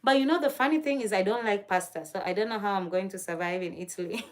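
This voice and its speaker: A woman's voice: medium pitch, quick pace. A young woman from Kenya hosts a live stream and chats in a loose, gushing way. She laughs often, and her voice sits in an ordinary middle register. She answers viewers' comments as she goes. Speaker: livestream host. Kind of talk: casual live-stream chat.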